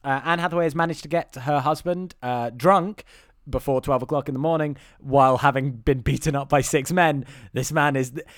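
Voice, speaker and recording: A man recapping a film on a podcast, rambling and sarcastic, slipping into quick mocking impressions of the characters. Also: medium pitch, fairly even intonation, no room sound, clean studio sound. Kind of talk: casual comedic chat.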